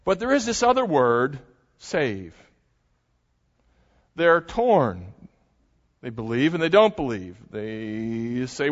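An older male pastor preaches, retelling a story with animated, dramatic energy. His voice sits a little high for a man. The sound is muffled and rings with a long church reverb. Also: slow pace, pauses often. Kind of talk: sermon. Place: church sanctuary.

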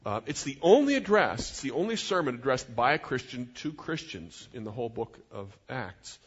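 A man's voice: mid-range voice, big pitch swings, moderate pace, slightly rough. A middle-aged man preaching a sermon as a pastor, in an earnest, conversational way with personal asides. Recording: dull sound in a reverberant hall.

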